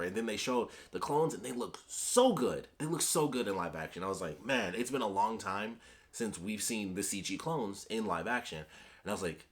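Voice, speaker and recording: A man talking casually and excitedly as a video reviewer, rambling and trailing off, with the odd swear word. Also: fairly low pitch, normal speed. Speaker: YouTube reviewer.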